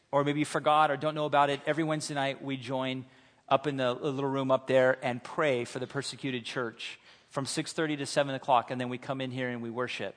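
A man preaching a sermon in a church, animated and humorous, acting out little scenes. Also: on the high side, in a large hall. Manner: animated, humorous, acts out voices. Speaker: pastor. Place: church sanctuary.

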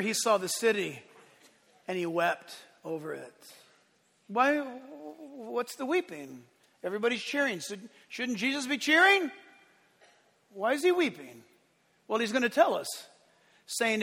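A man pastor preaching a sermon in an animated, playful way, acting out voices with shouts and laughter. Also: very high-pitched, measured pace, creaky, long pauses. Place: church sanctuary. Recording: long church hall reverb.

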